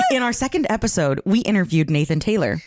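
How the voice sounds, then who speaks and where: A woman's voice: medium pitch, huge pitch swings, brisk, no room sound, clean studio sound. A woman co-hosting a podcast in casual chat, telling stories with self-deprecating giggles. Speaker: podcast co-host.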